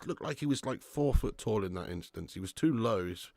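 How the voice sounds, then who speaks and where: A man hosting a live football watch-along, calling the play and chatting casually with viewers, swearing freely and swinging between excited shouts and weary sighs. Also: medium pitch, a little fast, hardly any pauses, no room sound, clean studio sound. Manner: casual and matey, thanks viewers by name. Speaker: fan channel host doing live match watch-along.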